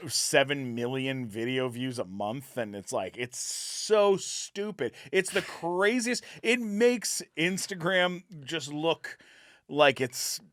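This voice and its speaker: 40s comedian guy, bright higher voice, super animated, dry close mic. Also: slow pace, no room sound. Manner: animated, acts out voices in his stories, laughs often. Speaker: comedian guest. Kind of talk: casual chat.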